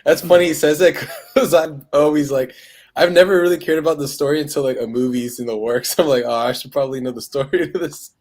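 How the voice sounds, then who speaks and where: A man's voice: fairly high pitch, steady tone, fairly quick, a little mellow. A man co-hosting a casual chat, easygoing and often laughing mid-sentence. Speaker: podcast co-host.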